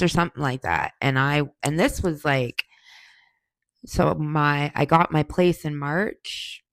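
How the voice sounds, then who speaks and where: A woman's voice: low-pitched, slow pace, no room sound. A woman in her forties, hosting a podcast, answering questions in a blunt, profane, heated storytelling style. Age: 40s. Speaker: podcast host. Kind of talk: casual monologue answering questions.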